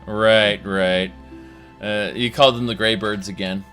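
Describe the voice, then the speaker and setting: A man's voice: on the low side, steady tone, unhurried, a bit bright, soft background music. A man hosting a casual chat stream, rambling with lots of fillers and casual swearing. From Colorado. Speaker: stream host.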